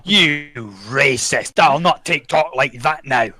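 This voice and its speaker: A man's voice: a little high, slow, bright, forceful tone. A man voicing a boastful male dwarf noble with a blustering manner and a put-on pirate voice that slips toward Scottish.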